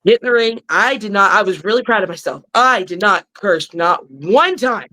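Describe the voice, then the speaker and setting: A woman who is a professional wrestler, a guest on a podcast, telling lively stories and cursing freely. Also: mid-range voice, normal speed, poor audio. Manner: animated storyteller who curses freely. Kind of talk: casual podcast chat.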